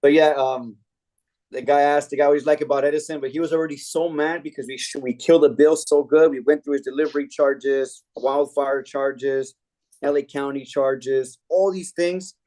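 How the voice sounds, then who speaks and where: A man leading a sales training meeting, telling a sales story with lively energy. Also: a little high, normal speed. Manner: energetic storytelling, acting out customer quotes. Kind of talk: team training talk.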